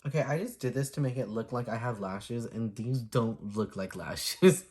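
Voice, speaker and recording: Brief: chatty young woman vlogger with a low voice, giggly, playful, acts out quotes while recapping. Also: moderate pace, a little mellow. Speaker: movie reviewer and vlogger. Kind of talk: casual chat.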